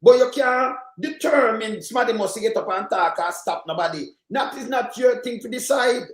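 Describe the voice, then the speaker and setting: Jamaican host going on about politics, highish voice, roomy echo. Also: male voice, lively intonation, normal speed. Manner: rambling, emphatic, patois-heavy. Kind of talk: casual political commentary. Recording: echoey room.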